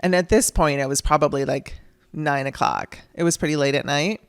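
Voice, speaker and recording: A woman's voice: deep voice, normal speed, clear, resonant tone, no echo, studio quality. A middle-aged woman hosting a podcast, telling a personal story in a chatty, emotional way and laughing through tears. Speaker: podcast host.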